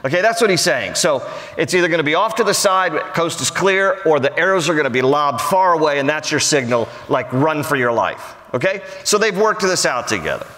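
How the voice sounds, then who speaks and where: Pastor teaching scripture, animated and casual, bright voice, big echoey sanctuary. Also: male voice, fairly high pitch, fairly quick. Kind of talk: verse-by-verse sermon teaching. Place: large church sanctuary.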